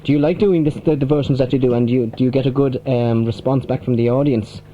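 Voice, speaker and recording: A man's voice: medium pitch, steady tone, quick pace, warm tone. Easygoing radio presenter, man. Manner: easygoing, brief acknowledgements, reads out listener questions. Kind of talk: radio interview. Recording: dull lo-fi old radio tape.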